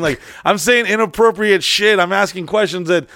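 A man's voice: sits high, fairly quick, gravelly, hardly any pauses, a bit bright, no echo, clean studio sound. A man chatting casually, telling crude, rambling stories full of swearing. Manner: crude, rambling, profane storytelling. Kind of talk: casual chat.

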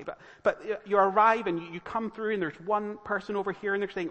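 A man's voice: high voice, fast, a bit bright. A man preaching a sermon, earnest and pleading, building to urgent appeals to his listeners. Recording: long reverb of a church hall.

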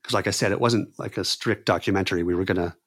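A man telling a personal story in an animated way, often repeating words and phrases. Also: deep voice, fast talker, slightly rough. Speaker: clown performer telling a story.

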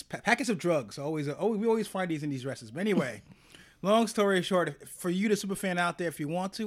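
Man, high voice, casual comedic podcast chat, jokey, stammering restarts. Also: fairly bright tone. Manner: joking, quick, with stammered restarts. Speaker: podcast co-host.

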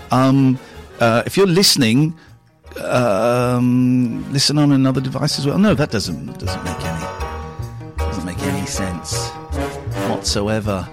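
A man hosting a comic radio show in a rambling, flustered, self-mocking way. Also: medium pitch. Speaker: radio comedy host. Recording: music playing behind the voice.

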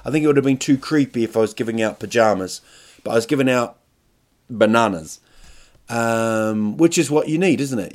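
A man's voice: fairly low pitch, normal speed, pauses often, a little mellow. Rambling, self-mocking male podcast host. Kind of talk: comic storytelling monologue.

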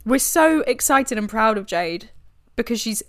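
A young woman co-hosting a podcast in casual chat, a bit tipsy, self-deprecating and giggly with quick asides. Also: on the high side, animated, a bit bright, dry recording, clean studio sound. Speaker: podcast co-host.

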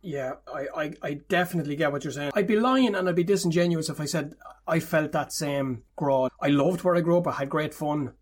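Interviewer guy, talks fast, rambly questions. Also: on the high side. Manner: chatty, long winding questions with restarts.

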